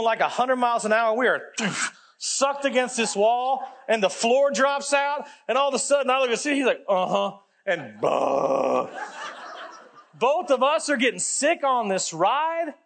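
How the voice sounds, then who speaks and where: A male pastor preaching a sermon, telling a story with lively acted-out dialogue and dropping low for emphasis. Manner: animated, acts out dialogue, drops low for emphasis.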